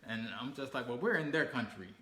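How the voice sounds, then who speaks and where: Bright-voiced man telling a travel story. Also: mid-range voice, a little fast. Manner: animated storyteller, acts out quoted people, laughs while telling. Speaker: co-host of a family channel. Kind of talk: casual storytelling chat. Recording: echoey room with faint ambient noise.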